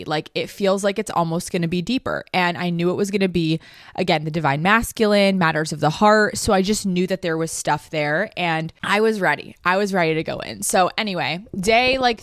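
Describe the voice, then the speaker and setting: A woman's voice: lowish voice, no room sound, clean studio sound. A young woman telling a personal story in a casual, earnest way, with lots of fillers. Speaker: podcast host.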